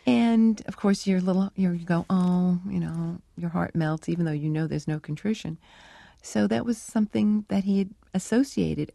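A woman's voice: mid-range voice, gravelly, dark tone, dry recording. A middle-aged woman researcher answering interview questions, telling anecdotes thoughtfully and acting out remembered lines of dialogue. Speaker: animal researcher, interview guest. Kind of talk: radio interview, storytelling answers.

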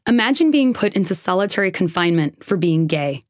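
A woman radio producer reporting a scripted news story with a clear, even delivery. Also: lowish voice, fairly quick, no room sound, studio quality.

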